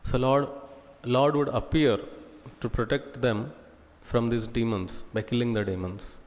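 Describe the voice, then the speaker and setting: A man with an Indian English accent giving a scripture class, telling a story slowly and deliberately, pausing through lists. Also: medium pitch, steady tone, a little mellow, big-room sound. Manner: slow, deliberate, with lists and pauses. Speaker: devotional speaker. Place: temple hall.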